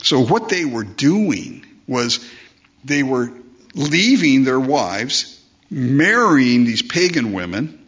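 A man's voice: mid-range voice, sing-song, takes it slowly, a bit bright. A man preaching a conversational sermon, asking rhetorical questions and acting out the voices he quotes. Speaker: pastor. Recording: dull lo-fi sermon recording.

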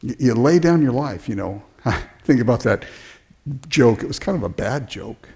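Male pastor, sermon delivery, lively swinging pitch, stumbles and restarts, acts out quotes. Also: normal speed. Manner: animated preaching with stammered restarts and acted-out quotes.

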